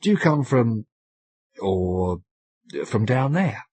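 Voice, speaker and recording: A man's voice: medium pitch, very animated, takes it slowly, darkish tone, husky, no room sound, pitched above the performer's own voice, exaggerated voice. A man voicing a simple, bluff young sailor who talks in fumbling, colloquial bursts in an audiobook. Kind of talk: audiobook character voice.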